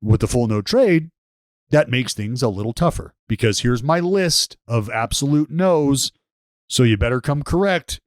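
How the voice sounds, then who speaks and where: A man's voice: medium pitch, expressive, moderate pace, dry recording, clean studio sound. A man co-hosting a sports podcast in casual chat, wisecracking and teasing. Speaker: podcast co-host.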